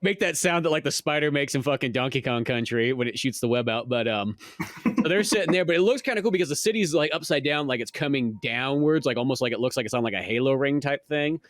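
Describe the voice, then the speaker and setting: A man's voice: medium pitch, animated, fast talker, fairly bright tone, no room sound. Brief: male podcast co-host, rambling and profane, dry close sound. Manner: rambling, many fillers, swears and laughs often. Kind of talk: casual movie review chat.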